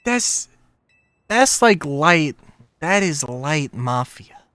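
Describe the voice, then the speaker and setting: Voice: medium pitch, sing-song, extremely slow, a bit bright, smooth, no room sound. A streamer giving live gameplay commentary, reading game dialogue aloud, joking, swearing now and then and trailing off mid-sentence.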